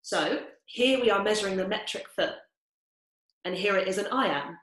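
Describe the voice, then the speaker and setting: A woman's voice: medium pitch, moderate pace, fairly bright tone. A woman patiently explaining in a casual, scripted educational chat. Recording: roomy echo.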